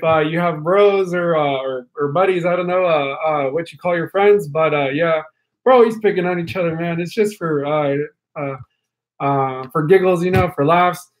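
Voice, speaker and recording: A man's voice: on the high side, moderate pace, low-quality recording. A young man hosting a casual live stream, rambling to his viewers with lots of fillers and restarts, speaking into a studio mic held a bit away from his face. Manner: talkative, addresses viewers directly. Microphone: studio mic held a little away from face.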